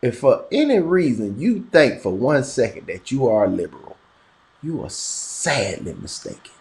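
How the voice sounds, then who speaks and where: A man's voice: mid-range voice, moderate pace, creaky, echoey room. A man with a Southern Florida twang talking emphatically in a casual conversation, repeating himself for effect. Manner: animated, emphatic, repetitive. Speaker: podcast guest.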